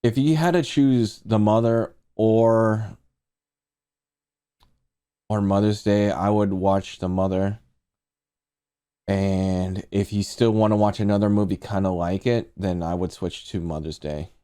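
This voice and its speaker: A man's voice: fairly low pitch, fairly even intonation, unhurried, pauses often, mellow, clean tone. A man streaming casual movie reviews, rambling and profane as he talks to his chat.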